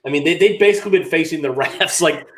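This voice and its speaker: A man's voice: fairly high pitch, fast talker, slight background noise. A man co-hosting a fan sports livestream, talking in an exasperated, ranting way. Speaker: fan co-host. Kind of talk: casual livestream sports talk.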